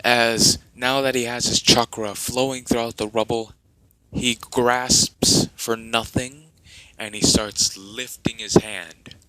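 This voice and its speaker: A man telling a made-up fan story off the cuff, wandering through it with plenty of "like" and "uh". He speaks slowly and the sound is dry and close. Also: medium pitch, fairly even intonation, bright, forceful tone, no room sound, low-quality recording. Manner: rambling, many fillers and restarts. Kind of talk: improvised fan story narration.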